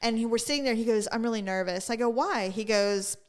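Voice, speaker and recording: A woman's voice: a little high, brisk, clear, resonant tone. A woman co-hosting a podcast, telling a story in casual chat, acting out quotes and laughing often. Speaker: podcast co-host.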